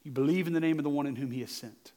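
Southern pastor guy preaching, high voice, kinda echoey church hall, earnest with little jokes. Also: warm tone. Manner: earnest, emphatic preaching with quick asides and self-mocking humor. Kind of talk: sermon. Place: church sanctuary. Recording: long hall reverb.

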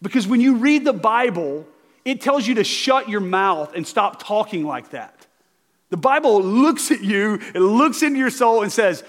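A high-voiced man preaching in a church. His voice carries a long reverb through the big sanctuary. He talks earnestly and keeps checking in with his listeners. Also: lively intonation, normal speed, a bit bright. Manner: earnest, repeats words, asks okay to the congregation. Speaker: pastor. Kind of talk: sermon.

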